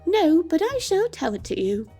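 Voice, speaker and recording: A woman's voice: very high voice, big pitch swings, moderate pace, dark tone, faint music behind, voice pushed up, heavily acted. A woman voicing a pompous, theatrical vampire man with a dramatic, airy delivery while playing a video game.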